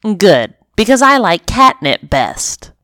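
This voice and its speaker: A woman's voice: sing-song, slow pace, sharp tone, no echo, clean studio sound, heavily acted. Ringo, a fretful kitten voiced by a woman. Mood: cheeky. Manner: pleading, high-strung and theatrical. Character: anxious dramatic male kitten.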